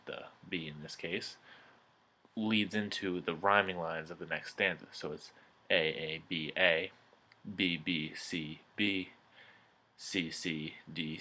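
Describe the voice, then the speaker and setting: A man in his twenties, a student reciting a poem and then analyzing it in a relaxed, chatty way with frequent ums. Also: low-pitched. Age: 20s.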